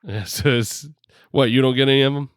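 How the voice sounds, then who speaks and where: A man's voice: mid-range voice, brisk, no room sound, clean studio sound. A man co-hosting a casual podcast on a headset mic, rambling with lots of fillers and laughing often. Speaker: podcast co-host.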